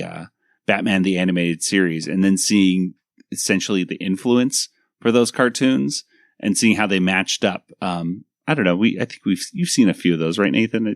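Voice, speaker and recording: A man hosting a cartoon review podcast, talking in a low voice with lots of ums and asides. The sound is close and dry, with no room echo. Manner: rambling, many fillers, laughs easily. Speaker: podcast host. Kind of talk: casual episode review chat.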